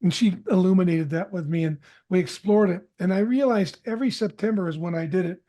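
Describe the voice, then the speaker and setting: A man's voice: high voice, a little fast, mellow. A middle-aged man, a podcast guest, telling a candid personal story, often stopping to correct himself and acting out what was said. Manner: candid, self-correcting storyteller who acts out quoted dialogue.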